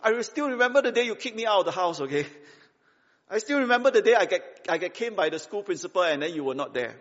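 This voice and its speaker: A man preaching, voicing an aggrieved man who rapidly and indignantly complains to God. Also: mid-range voice, gravelly, fairly bright tone. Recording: dull sound with long hall reverb.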